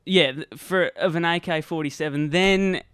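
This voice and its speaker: A man's voice: on the high side, steady tone, normal speed, a bit bright. A young man hosting a podcast, teasing his guest, laughing often and repeating phrases. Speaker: podcast host. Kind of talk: casual interview chat.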